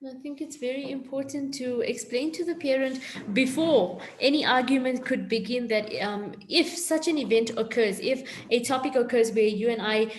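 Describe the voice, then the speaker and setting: A woman coach calmly explaining how to handle a child's tantrums during a panel discussion. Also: high voice, moderate pace. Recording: echoey room.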